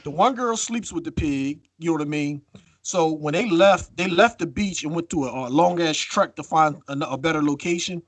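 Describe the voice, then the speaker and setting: A man co-hosting a podcast in casual chat, telling a story with lively acted-out quotes and free swearing. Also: a little high, moderate pace, no echo. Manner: animated storytelling, acts out quotes, swears freely. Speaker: podcast co-host.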